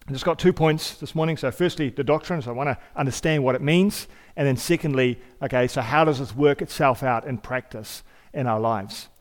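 A man's voice: mid-range voice, a little fast, few pauses. A male pastor preaching a sermon in a church. He talks conversationally, asks rhetorical questions and repeats key phrases. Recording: long hall reverb.

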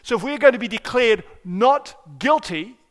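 A man preaching a sermon as pastor, earnest and emphatic, often restarting words and swinging between loud stresses and quiet asides. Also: very high-pitched, animated, normal speed. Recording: hall reverb.

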